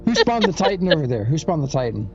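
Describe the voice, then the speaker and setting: A man's voice: fairly high pitch, very animated, fast talker, gravelly, highs cut off, faint music behind. A man co-hosting a casual gaming livestream, easygoing and laughing often. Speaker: co-host.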